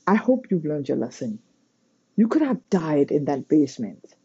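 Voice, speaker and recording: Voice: medium pitch, very animated, normal speed, mellow, breathy edge, heavily acted. A reader voicing a blunt, scolding adult male mentor in a storybook reading. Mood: stern. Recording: dull lo-fi recording.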